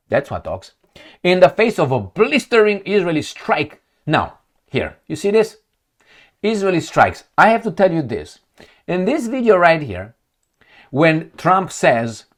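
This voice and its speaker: A man giving a heated, profane, sarcastic political commentary, reading news lines aloud and mocking them. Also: on the high side. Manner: reads news excerpts aloud, mocks with put-on quotes. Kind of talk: ranting video commentary.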